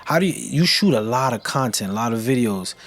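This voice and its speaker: An upbeat male host runs a casual live interview and reads viewer questions aloud. He talks in relaxed slang and keeps giving shout-outs to his audience. His voice sits at a middle pitch for a man. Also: brisk. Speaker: show host.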